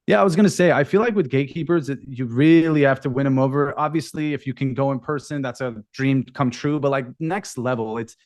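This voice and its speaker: Hesitant mid-pitched man, dry sound. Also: brisk, hardly any pauses, darkish tone, dry recording. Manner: hesitant, repeats words, hedges. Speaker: guest sales expert. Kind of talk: casual conversational advice.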